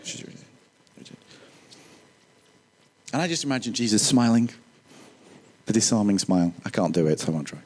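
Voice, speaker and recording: A man preaching a sermon, animated, with joking, self-deprecating asides. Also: fairly low pitch, quick pace.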